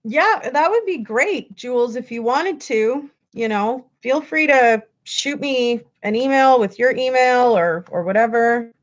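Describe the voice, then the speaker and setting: A woman's voice: a little high, unhurried, hardly any pauses, dull audio. A woman hosting a livestream, ranting at her viewers in a frustrated, profane way. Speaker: livestream host.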